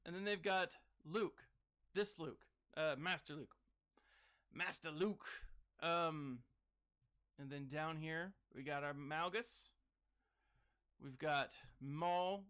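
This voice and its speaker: Bright, unhurried excitable male gamer. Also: a little high. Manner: chatty and excitable, with sudden whoops and greetings to viewers. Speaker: game streamer reading live chat. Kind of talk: casual gaming commentary.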